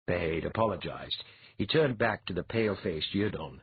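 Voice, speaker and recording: A man narrating an audiobook in an expressive storytelling manner. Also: sits low, moderate pace, slightly rough, no echo, narrow, tinny audio. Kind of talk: scripted narration.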